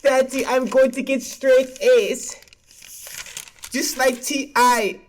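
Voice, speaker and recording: A man voicing an eager little boy who shows off his schoolwork to his father, in a pleading, drawn-out, sing-song way. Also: extremely high pitch, fairly even intonation, a little hiss or hum.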